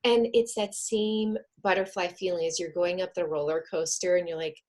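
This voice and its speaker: A woman on a video call, talking earnestly and then coaching a group through slow counted breathing. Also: fairly low pitch, steady tone. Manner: soft, earnest, counts slowly. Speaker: wellness speaker.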